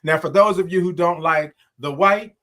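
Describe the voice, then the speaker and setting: Man, livestream host, high voice, calls out viewers by name, sings long greetings. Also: normal speed, pushed and bright. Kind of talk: casual morning livestream chat.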